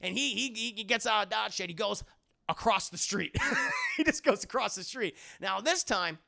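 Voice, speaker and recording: Young streamer, crude animated film recap, high gravelly voice with a bright edge. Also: male voice, normal speed. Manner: profane, animated storytelling. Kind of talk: casual film recap for a live chat.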